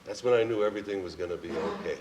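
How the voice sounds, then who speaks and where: A man's voice: low-pitched, racing, background noise. A man performing a heartfelt personal monologue on a theater stage, telling his story with frequent chuckles. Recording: distant stage recording, faint ambience.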